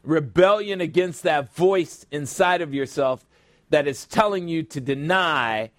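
A middle-aged man preaches a sermon with rhetorical questions and calls for an amen. His voice sits a little high for a man. The sound is dry and close, with no room echo. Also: measured pace. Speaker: pastor.

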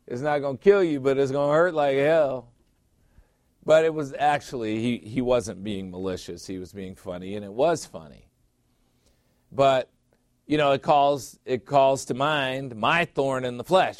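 A man's voice: mid-range voice, a little slow, no echo, studio quality. A middle-aged man preaching a sermon as pastor, emphatic, repeating phrases and putting questions to his listeners.

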